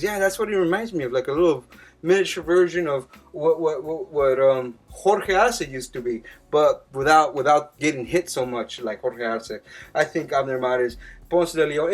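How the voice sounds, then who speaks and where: A young man giving casual boxing predictions, rambling and swearing a lot, his voice jumping up when he gets worked up. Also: fairly high pitch. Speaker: boxing commentator making fight predictions. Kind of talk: casual profane monologue.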